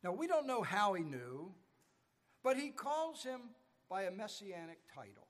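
A man with a high voice preaches a sermon from the pulpit. He tells stories and leans hard on key words. His voice rings through a church with a long reverb. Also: sing-song, a little slow. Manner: storytelling preacher, rising and falling emphasis. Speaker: pastor. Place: church sanctuary.

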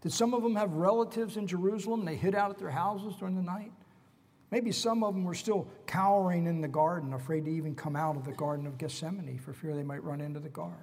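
A man preaching a sermon dramatically, swinging between loud emphasis and hushed whispers. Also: on the high side, normal speed, big-room sound.

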